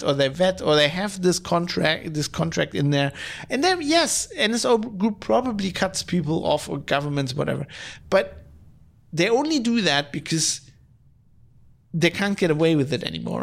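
A man's voice: a little high, gravelly. A man hosting a podcast, talking alone in a heated, profane rant, often restarting and repeating himself as he gets worked up. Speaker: podcast host. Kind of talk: solo podcast commentary rant.

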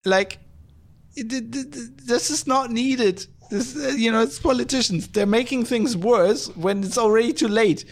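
A man's voice: very high voice, measured pace. A man hosting a podcast, ranting in exasperated, profane bursts full of restarts and fillers. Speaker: podcast host.

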